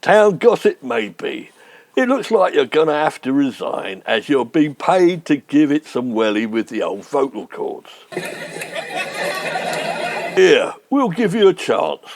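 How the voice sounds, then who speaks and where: A man's voice: fairly high pitch, big pitch swings, takes it slowly, no room sound, full character voice. A man voicing an exasperated, blustering middle-aged man, indignant and sarcastic, in a comic sketch impression.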